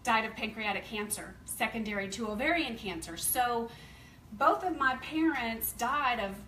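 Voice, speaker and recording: A woman in her fifties from the American South, a company distributor, gives a chatty, laughing testimonial to a meeting audience, animated as she tells her story. Her fairly high voice moves at normal speed and sounds reverberant through a distant mic, on a rough recording with slight background noise.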